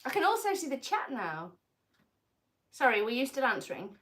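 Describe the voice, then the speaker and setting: A woman's voice: high voice, big pitch swings, moderate pace, a bit bright. A woman hosting a livestream in casual chat, playful and joking, often laughing. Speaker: livestream host.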